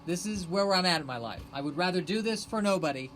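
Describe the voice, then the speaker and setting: A man hosting a rambling solo live stream on his phone, sarcastic and self-mocking, bursting into shouted rants. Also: high-pitched, animated, quick pace, a little hiss or hum, rough recording. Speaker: podcast host streaming live.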